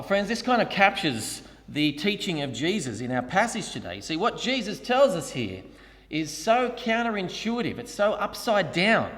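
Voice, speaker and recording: Lively preacher man in a reverberant church. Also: sits high. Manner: storytelling, acts out voices in quotes. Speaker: pastor. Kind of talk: sermon.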